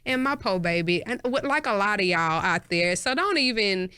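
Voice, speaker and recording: Texan woman podcast co-host, animated storyteller, bright voice, dry close mic. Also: moderate pace, clean tone, dry recording. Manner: animated storyteller, acts out voices with big pitch jumps. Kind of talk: casual chat.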